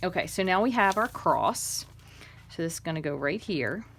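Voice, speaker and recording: A woman giving a chatty, step-by-step crafting tutorial, explaining each move as she works and murmuring soft asides. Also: lowish voice, lively intonation, normal speed, gravelly, a little hiss or hum. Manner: chatty, step-by-step instructions with fillers. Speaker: craft demonstrator.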